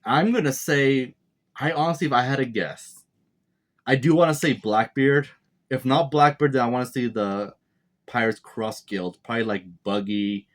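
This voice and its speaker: A man casually reviewing a comic chapter, rambling and speculating aloud with many fillers and restarts. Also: mid-range voice. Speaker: manga reviewer. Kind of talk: casual commentary.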